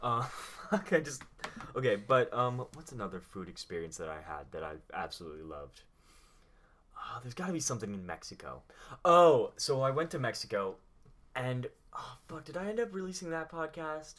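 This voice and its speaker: A man's voice: mid-range voice, sing-song, moderate pace, fairly bright tone. A young man hosting a podcast, chatting casually, rambling, swearing and laughing often. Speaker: podcast host. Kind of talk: casual chat.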